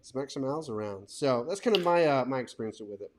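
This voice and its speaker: A man in his thirties hosting a casual panel discussion, telling stories in a rambling, animated way. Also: mid-range voice, brisk, a little hiss or hum. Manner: rambling, animated storytelling with laughs. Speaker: host.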